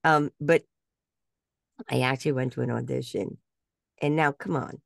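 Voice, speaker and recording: An older woman tells stories with real animation, laughing often and dropping into quick impressions of other people. Her voice has a gravelly, creaky texture. The sound is dry and close, as on a video call. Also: a bass voice, fairly even intonation, no room sound. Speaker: guest speaker and voice actress. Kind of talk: storytelling in a casual interview.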